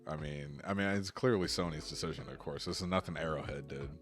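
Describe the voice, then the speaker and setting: Deep-voiced man in casual chat. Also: fast, music in the background. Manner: laughs often, relaxed and rambling. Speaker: co-host of a gaming news show.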